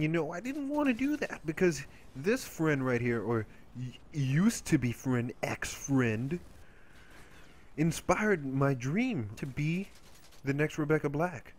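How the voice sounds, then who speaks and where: Male gameplay commentator, casual and crude, rambling storyteller, mid-pitched voice.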